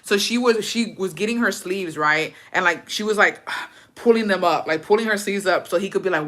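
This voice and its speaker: Bright-voiced, foul-mouthed young woman storyteller. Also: on the low side, a little fast. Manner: profane, blunt, animated storytelling; mixes Spanish phrases into English. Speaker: livestream host. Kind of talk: casual storytime rant.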